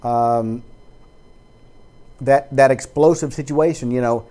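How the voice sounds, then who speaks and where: A man's voice: mid-range voice, fairly even intonation, slow pace, warm tone, clear, resonant tone. A man talking into his webcam in a casual personal monologue, rambling with many fillers and false starts.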